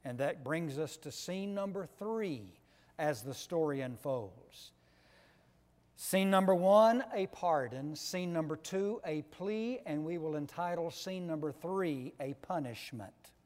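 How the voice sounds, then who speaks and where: A man preaching a sermon with slow, emphatic delivery, swinging between loud stressed words and soft low drops. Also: lively intonation. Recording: long echo of a large hall.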